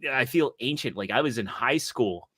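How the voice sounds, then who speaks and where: A man's voice: medium pitch, expressive, moderate pace, pushed and bright, slightly rough, dry recording. A man hosting a casual online show, rambling and laughing as he tells stories. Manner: rambling, laughs often, restarts. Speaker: podcast host. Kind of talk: casual chat.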